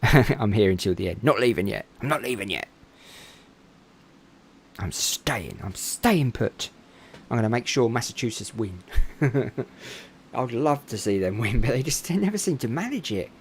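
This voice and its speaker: A man commentates a computer car race in a casual, chatty way, talking to his viewers as he goes. His voice sits at a medium pitch and climbs when he gets excited. A faint hiss runs under the recording. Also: measured pace, long pauses. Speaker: sim racing commentator.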